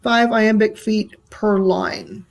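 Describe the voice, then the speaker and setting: A woman teacher giving a recorded lesson, talking in a relaxed way with many ums and uhs. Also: mid-range voice, slow pace, gravelly.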